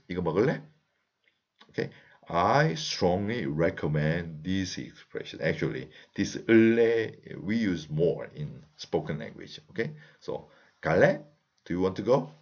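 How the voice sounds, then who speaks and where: A deep-voiced man speaks English with a Korean accent, his intonation rising and falling in a lively way. He teaches patiently, repeating each example phrase and pausing with "uh". The recording sounds slightly muffled and lo-fi. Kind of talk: online language lesson.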